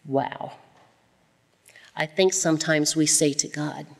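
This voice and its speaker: A woman teaching a Bible study in a conversational way, repeating phrases for emphasis and slowing down to stress key lines. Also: low-pitched, creaky. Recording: long reverb, as in a hall.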